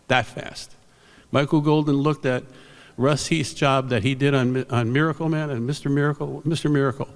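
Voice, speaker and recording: An older man telling rambling, animated anecdotes on stage at an awards ceremony, correcting himself as he goes, through a stage microphone in a convention hall. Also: mid-range voice. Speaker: veteran comic book inker and speaker. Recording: long hall reverb.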